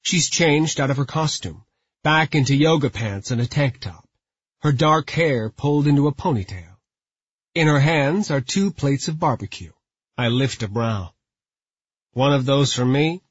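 A man's voice: fairly high pitch, animated, normal speed, breathy edge, dry recording. A man narrating a novel in the first person with a dry, wry tone. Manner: dry, wry inner monologue. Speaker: audiobook narrator. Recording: slightly muffled dry recording.

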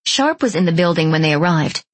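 A woman narrating a novel in an even, measured way. Her voice is low and husky. The recording is dry and close, with no room sound. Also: dry recording. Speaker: audiobook narrator. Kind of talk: scripted narration.

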